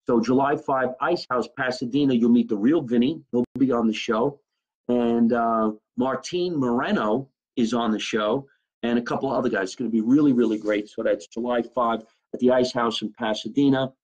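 A man's voice: mid-range voice, normal speed, muffled recording. A man from New Jersey, a comedian hosting a live stream from his kitchen, joking brashly and swearing freely in casual chat. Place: home kitchen.

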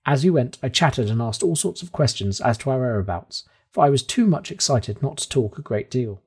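A man narrating a classic adventure novel aloud, reading the first-person tale with dramatic, animated delivery and bright exclamations. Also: medium pitch, brisk, breathy edge. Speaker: audiobook narrator. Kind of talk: expressive storybook reading.

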